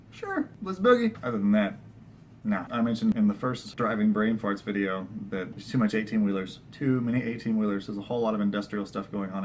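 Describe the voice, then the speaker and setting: A man's voice: fairly low pitch, darkish tone, slight background noise. A young man from Texas talking casually to camera in a vlog, rambling through his opinions with jokey asides and correcting himself as he goes. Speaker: vlogger.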